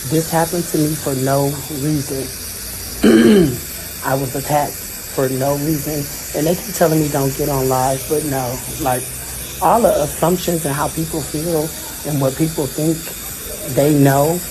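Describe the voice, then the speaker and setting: A man's voice: fairly high pitch, measured pace. A man speaking on a livestream from a dentist's office, emotional, earnest and defensive, rambling and repeating himself. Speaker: social media personality speaking on a livestream. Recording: noisy phone livestream audio.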